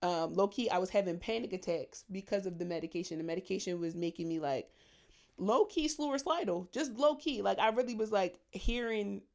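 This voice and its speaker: A woman co-hosting a podcast in casual chat, an animated storyteller who swears freely and acts out gossip in high mock voices. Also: fairly quick, gravelly. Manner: profane, slangy. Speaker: podcast co-host.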